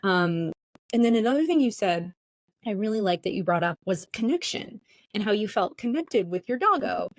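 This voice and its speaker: A woman's voice: medium pitch, animated, moderate pace, dry recording. A woman guest who runs play sessions, talking in an earnest, reflective way with many casual fillers. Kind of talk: casual conversation.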